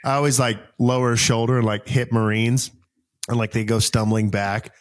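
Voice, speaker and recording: A middle-aged man from South Carolina, co-hosting a podcast and telling stories in lively casual chat, jumping into high voices when he quotes people. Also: moderate pace. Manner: animated, jumps into high-pitched voices when quoting people. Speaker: podcast co-host.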